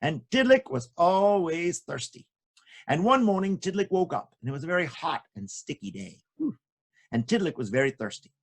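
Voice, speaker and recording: A man telling folk tales to children in a playful, jokey, expressive way. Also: on the high side, a little fast. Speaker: children's storyteller. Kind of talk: animated storytelling for children.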